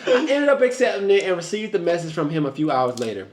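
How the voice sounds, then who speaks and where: A man's voice: fairly high pitch, fast talker, reverberant. A man co-hosting a talk show, reading listener love stories aloud and teasing along the way. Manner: animated, teasing, breaks into laughter. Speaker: co-host.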